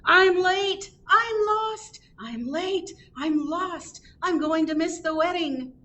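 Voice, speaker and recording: A woman voicing a frantic, lost man running late for his own wedding, yelling in a shrill panic. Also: lively intonation, measured pace, slight background noise. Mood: panicked.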